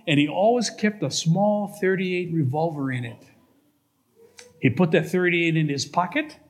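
A male pastor preaching in a church, telling a cautionary story and asking the congregation rhetorical questions. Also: a little high. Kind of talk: sermon with storytelling.

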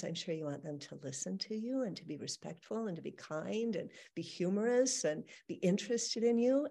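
Gentle, mellow-voiced woman coach. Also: fairly low pitch, vocal fry. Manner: gentle and warm-hearted, playfully acts out inner dialogue. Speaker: healing coach, podcast host. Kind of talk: reflective teaching talk.

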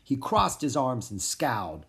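An expressive reader narrating a children's storybook aloud in first person. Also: mid-range voice, a little slow. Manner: expressive, animated. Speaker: audiobook narrator.

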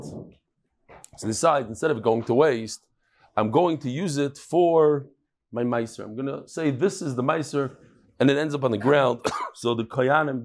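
A hoarse man with a cold leads a relaxed daily Talmud class, his voice sitting at an ordinary middle pitch. He talks in a chatty, easygoing way and tosses quick asides to the people around him. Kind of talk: casual Talmud lesson.

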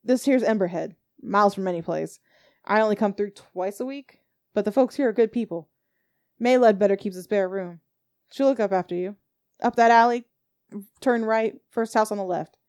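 A weary, rough-spoken coach driver with a folksy rural drawl, as a woman game master puts him on. He grumbles through his plain, clipped sentences. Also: medium pitch, moderate pace, a little mellow, no room sound, studio quality, natural voice. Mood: matter-of-fact.

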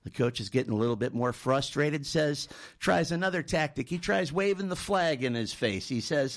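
A man's voice: fairly high pitch, expressive, moderate pace, few pauses. A man hosting a talk show who thanks his guest and tells a story in a loose, conversational way, often repeating words. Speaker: host. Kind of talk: talk show, telling an anecdote.

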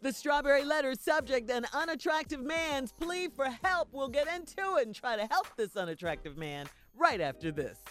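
A radio host moves briskly through segment introductions. The delivery is upbeat. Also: high-pitched, big pitch swings.

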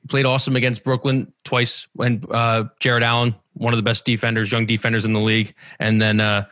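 A man's voice: medium pitch, monotone, a bit bright, no echo. A young man, co-hosting a casual sports podcast, teasing and emphatic. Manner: teasing, quick-fire and emphatic. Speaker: podcast co-host.

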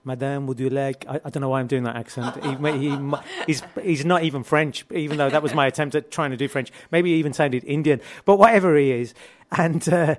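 A man's voice: a little high, fairly quick. A man hosting a casual group chat, playful and jokey, now and then breaking into bits of song. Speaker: host.

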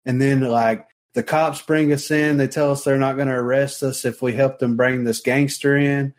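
A man's voice: mid-range voice, steady tone, moderate pace. A man in casual podcast chat, telling a story in a laid-back, profane way.

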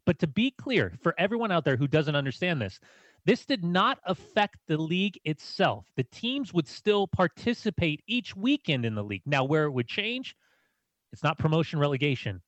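An American man co-hosting a casual football podcast, relaxed and explanatory. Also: high voice, moderate pace, no echo. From United States. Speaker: podcast co-host.

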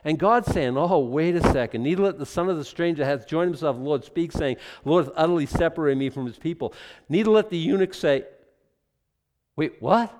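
Excitable male preacher in a reverberant hall. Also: a little high, fast. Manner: animated, excitable preaching with repeated restarts. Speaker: pastor. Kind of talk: sermon.

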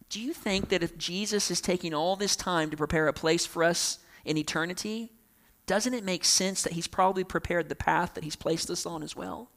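A young man preaching a sermon, animated, acting out quoted voices along the way. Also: fairly high pitch. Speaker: pastor.

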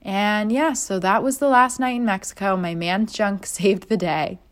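A woman's voice: mid-range voice, measured pace. A young woman hosting a podcast, telling a story in a casual monologue and acting out the voices of people she quotes. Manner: animated, acts out voices in quotes. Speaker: podcast host.

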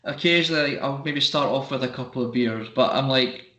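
A man hosting a podcast, swearing freely and telling animated stories in casual banter. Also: mid-range voice, a little fast, echoey room. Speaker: podcast host.

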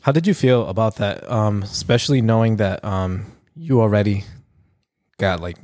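A man hosting a casual podcast interview, reacting quickly and asking follow-up questions. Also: on the low side, a little mellow, no echo, studio quality. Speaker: podcast host.

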